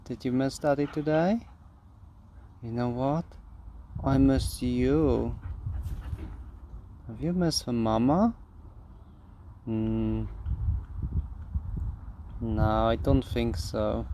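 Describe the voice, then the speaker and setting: A man cooing to his dog in soft, affectionate baby talk. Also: medium pitch, drawn-out words, long pauses, a little hiss or hum. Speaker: dog owner.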